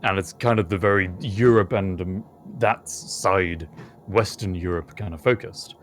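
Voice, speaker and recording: British man, very deep voice, casual podcast chat, thoughtful. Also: a little slow, a bit bright. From United Kingdom. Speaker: podcast co-host.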